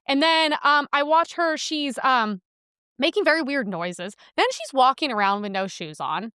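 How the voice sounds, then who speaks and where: A woman's voice: sits high, expressive, moderate pace, bright, forceful tone, clear, resonant tone, no echo, clean studio sound. A young woman hosting a podcast in a casual, blunt monologue, full of filler words and crude asides. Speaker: podcast host.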